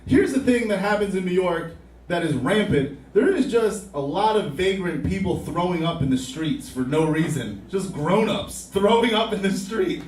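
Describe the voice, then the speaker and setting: A man's voice: sits high, very animated, normal speed, darkish tone. A young man doing a rambling, profane, self-mocking stand-up comedy set on a club stage. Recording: roomy club sound from a distance.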